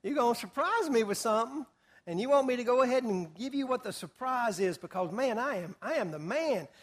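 A man's voice: very high voice, animated, brisk. A man voicing a boastful, self-important royal adviser in a Bible retelling, eager and pushy. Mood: smug.

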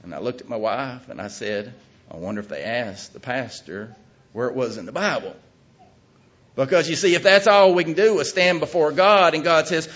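A man's voice: sits high, a little fast. Emphatic folksy male preacher, muffled. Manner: folksy, emphatic, rising to loud peaks. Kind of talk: sermon. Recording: muffled lo-fi recording.

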